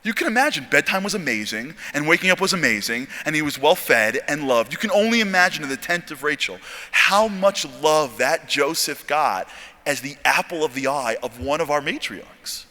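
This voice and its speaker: A man giving a storytelling sermon talk at a convention, animated and jokey, acting out dialogue. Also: a little high, normal speed. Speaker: speaker at a convention. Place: large convention hall. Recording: long hall reverb.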